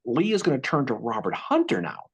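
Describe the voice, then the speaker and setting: A man co-hosting a casual history podcast, telling the story with lively restarts and repeated words. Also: mid-range voice, brisk, slightly rough. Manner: animated, repeats words while thinking, acts out quotes. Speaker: podcast co-host.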